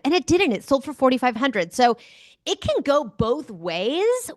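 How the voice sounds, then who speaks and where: A woman guest on an interview show, answering questions as an enthusiastic, animated storyteller. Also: a little high, measured pace, dry recording, clean studio sound. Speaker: guest speaker. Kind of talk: conversational interview.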